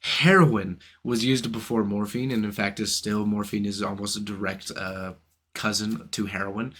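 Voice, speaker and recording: A man's voice: lowish voice, steady tone, normal speed, a bit bright, husky. A young man hosting a philosophy channel, delivering an indignant, profane rant to camera full of rhetorical questions. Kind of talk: ranting monologue to camera.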